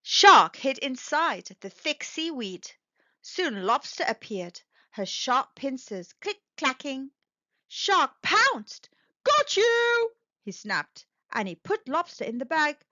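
Casting note: warm-hearted kids' story reader, a woman with a high, lively, unhurried voice, gentle and expressive. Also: no echo. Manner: gentle, sing-song and expressive. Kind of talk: slow expressive read-aloud for young kids. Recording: dull lo-fi dry recording.

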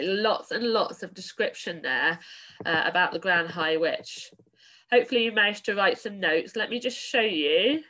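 A woman teacher reading a novel aloud expressively in an online lesson, then explaining notes to her class. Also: fairly low pitch. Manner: expressive storytelling, then clear instruction. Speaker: primary school teacher.

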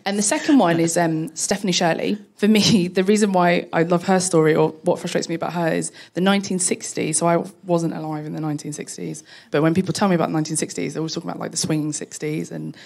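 Panel guest, woman, rapid and enthusiastic, low-ish with some vocal fry. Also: steady tone, darkish tone. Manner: fast, enthusiastic, chatty. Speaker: guest tech founder. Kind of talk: live podcast panel talk. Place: live audience at a museum event.

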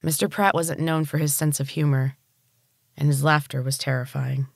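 A storyteller reading a dark novel chapter aloud in a steady, unhurried way. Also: mid-range voice, vocal fry, no echo, clean studio sound. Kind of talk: audiobook narration.

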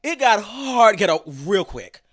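Young male streamer, dramatic and animated, addresses viewers directly, very lively pitch. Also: a little slow. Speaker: livestreamer. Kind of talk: casual livestream chat.

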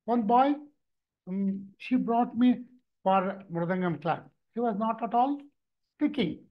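A man, a mridangam teacher and therapist, telling stories in an animated lecture, often repeating and restarting words. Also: sits high, slow pace. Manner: animated storytelling, frequent repetitions and restarts. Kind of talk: lecture with anecdotes. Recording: dull lo-fi recording.

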